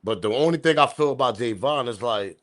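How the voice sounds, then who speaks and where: A man's voice: mid-range voice, animated, brisk, a bit bright. A man from the US East Coast with his accent, hosting a casual live-stream commentary with slangy, loose talk and chuckling asides to his chat. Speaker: commentary channel host.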